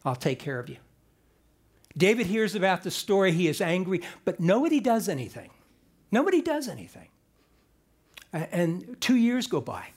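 A man preaching a conversational sermon. He retells a Bible story as an animated storyteller, with joking asides and frequent restarts. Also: a little high.

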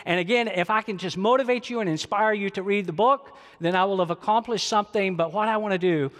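A man's voice: sits high, fast, fairly bright tone, long reverb tail. An older man, a grandfather, preaching a sermon as a pastor, telling stories and asking the congregation rhetorical questions. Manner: storytelling with quoted dialogue and rhetorical questions.

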